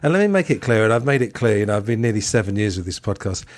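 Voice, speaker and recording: Low-voiced reflective podcast host. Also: male voice, sing-song, very fast, background noise. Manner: reflective, chatty, frank opinions. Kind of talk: casual podcast discussion.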